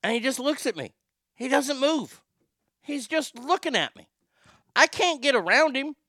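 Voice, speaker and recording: A man's voice: extremely high pitch, big pitch swings, measured pace, sharp tone, no room sound, studio quality. A middle-aged man hosting a show, telling a story in a casual, profane rant with a lot of stammered restarts. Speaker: show host. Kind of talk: casual ranting monologue.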